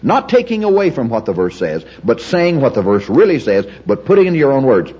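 Husky man teaching a lively sermon. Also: medium pitch, fairly quick. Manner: emphatic, repeats words with shifting stress. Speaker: preacher teaching Bible study. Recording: dull lo-fi recording.

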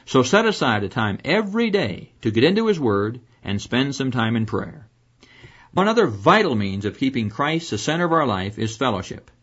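A man's voice: medium pitch, a bit bright. A man delivering a scripted radio devotional as a Bible teacher, earnest and preacherly, asking rhetorical questions. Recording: dull lo-fi radio broadcast.

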